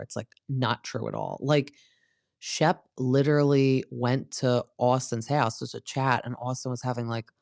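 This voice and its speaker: A woman's voice: extremely low pitch, steady tone, normal speed, vocal fry, a little mellow, no echo, studio quality. A woman hosting a casual gossip recap podcast, chatty and opinionated, with many fillers. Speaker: podcast host.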